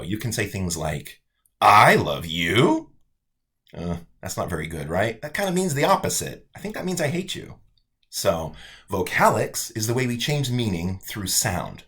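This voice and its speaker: A male college instructor giving a casual, animated weekly update to his online students. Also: low voice. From United States.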